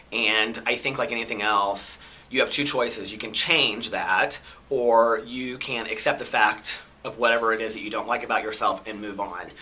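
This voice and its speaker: A man from the US Midwest speaks in a Midwestern American accent, his voice soft, effeminate and twangy. The tone is strikingly bright and keen-edged, sitting at an ordinary middle pitch. He talks candidly and chattily, like someone sharing a personal story in a casual vlog. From Chicago, US Midwest. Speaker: vlogger.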